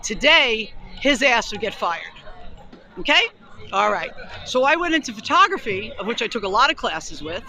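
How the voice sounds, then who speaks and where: A woman's voice: fairly high pitch, sing-song, moderate pace, sharp tone, rough recording. A middle-aged woman from New York with a strong New York accent, talking bluntly and emphatically in a street interview outdoors in a city park. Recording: street interview with crowd behind.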